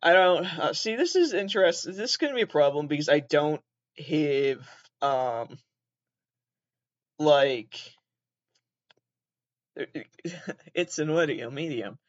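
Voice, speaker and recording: This solo podcast host, from southeastern Massachusetts but with an upper Midwestern or southern Canadian accent, has a slightly high, expressive voice. He talks slowly with long pauses, rambling, laughing mid-sentence, swearing, and ribbing himself. The audio is dull, with no room sound.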